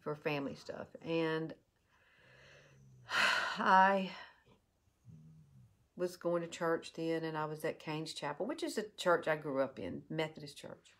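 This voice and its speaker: A woman tells a heartfelt personal story while doing a makeup tutorial, in an earnest, halting way. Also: deep voice. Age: 50s. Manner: earnest and heartfelt, with halting restarts and soft drop-offs. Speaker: beauty vlogger.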